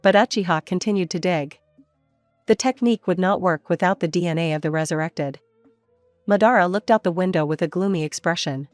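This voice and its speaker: Woman narrator, lowish voice, dry close sound, faint music underneath, steady storytelling. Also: a little fast, no echo. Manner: steady read-aloud storytelling. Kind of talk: scripted fan-fiction narration.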